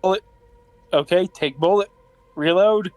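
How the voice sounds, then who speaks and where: A man's voice: high voice, unhurried, darkish tone, no room sound, soft background music. A man playing a tabletop game, hesitating and checking rules aloud. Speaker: player. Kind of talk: casual tabletop game talk.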